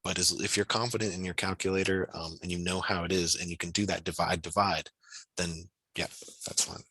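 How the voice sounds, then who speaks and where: Low-voiced casual male physics tutor. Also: steady tone, fairly quick, sharp tone, husky, dry recording, low-quality recording. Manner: talks through his thinking aloud, casual and encouraging, with frequent fillers. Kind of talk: online tutoring session. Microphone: video call.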